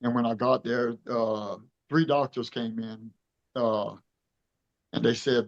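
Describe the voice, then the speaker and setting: A man's voice: mid-range voice, steady tone, takes it slowly, lo-fi sound. A man in his fifties from Louisiana, telling his story in an interview with earnest emotion and acting out the dialogue. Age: 50s. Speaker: truck show director being interviewed.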